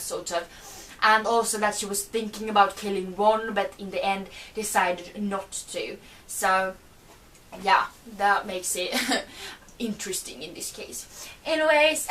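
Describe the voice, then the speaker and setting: Bright-voiced woman gushing about books. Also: a little high, distant mic. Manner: rambling and gushing, lots of "like" and "you know". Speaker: book reviewer. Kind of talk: casual spoiler book talk.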